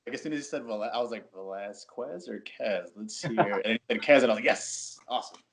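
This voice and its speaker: A man who is a professional wrestler, giving relaxed, rambling interview answers full of "like" and "um". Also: mid-range voice, racing, crowd noise.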